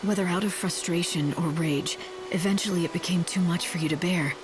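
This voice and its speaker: An actress playing a calm, earnest young game heroine who speaks in a measured, soft way. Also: female voice, on the low side, noisy background, close to an everyday voice. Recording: game audio over clear music.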